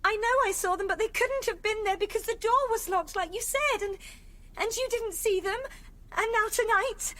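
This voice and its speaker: A woman's voice: very high-pitched, normal speed, fairly bright tone. An actress playing Jenny, a frightened young woman at odds with her father. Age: young adult. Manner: anxious, pleading. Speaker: daughter. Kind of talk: audio drama acting.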